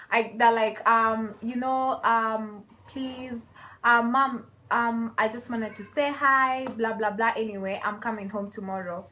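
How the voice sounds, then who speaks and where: A young woman vlogging a casual storytime, animated and laughing as she acts out the people in it. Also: fairly high pitch, slight background noise.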